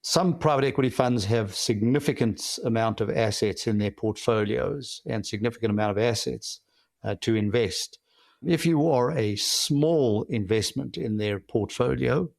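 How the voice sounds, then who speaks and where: A middle-aged man with a South African accent answers interview questions in a measured, reflective way, pausing now and then to find his words. His voice sits at an ordinary pitch for a man. The recording is dry and close, with no room sound. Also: gravelly, a little mellow, no echo. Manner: measured and reflective, with frequent "uh" pauses. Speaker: guest, company founder and CEO.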